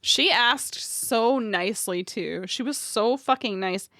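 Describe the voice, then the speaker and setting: A woman's voice: on the high side, slow, hardly any pauses, bright, forceful tone, no room sound, studio quality. A woman streamer chatting casually with her viewers, swearing freely and laughing often.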